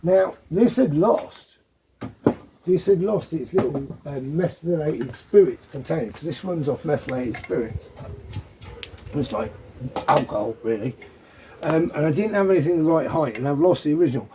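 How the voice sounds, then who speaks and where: A man's voice: on the high side, expressive, moderate pace, background noise. A middle-aged man chatting casually as he demonstrates his gear, rambling with joking asides. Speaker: off-grid living vlogger.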